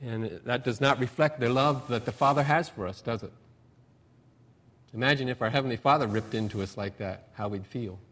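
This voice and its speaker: A middle-aged pastor preaches a conversational sermon full of folksy personal stories, speaking at normal speed in a medium pitch. He pushes up for emphasis and then lets his phrases trail off softly.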